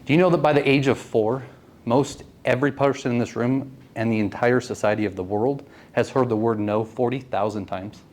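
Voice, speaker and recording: Brisk and slightly mellow, this medium-pitched voice belongs to a man in his late thirties sharing a personal story with a networking group. Speaking earnestly in a meeting room, he frequently puts questions to his listeners.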